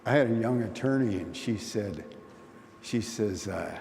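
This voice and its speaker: A man's voice: on the low side, lively intonation, a little slow, creaky, a little mellow. Folksy man speaking in a reverberant hall. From Oneida community. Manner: storytelling, folksy, plain-spoken. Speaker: conference speaker. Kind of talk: conversational talk. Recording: long hall reverb, faint noise.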